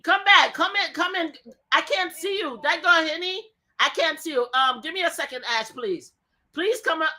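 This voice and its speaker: A woman hosting a livestream, talking loudly and repeating her demands in a heated argument. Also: very high voice, normal speed. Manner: loud, repeats pleading commands. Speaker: livestream host.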